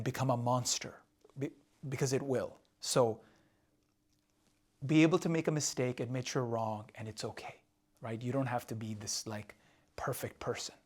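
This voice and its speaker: A man's voice: medium pitch, a little mellow. Candid man giving relationship advice. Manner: candid, confessional, repeats words and says "right?" often. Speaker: relationship coach. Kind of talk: casual advice talk. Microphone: drawing on a board while talking.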